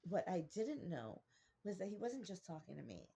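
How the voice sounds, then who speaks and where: A woman's voice: fairly low pitch, very animated, moderate pace, vocal fry, warm tone, husky. A woman vlogger telling a rambling, chatty anecdote from her bed in a casual storytelling style. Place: in her bedroom, sitting in bed.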